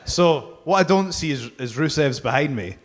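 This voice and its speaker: A man's voice: a little high, animated, normal speed. A man, a guest wrestler telling rambling, self-mocking stories on a live podcast stage. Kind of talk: casual anecdote telling.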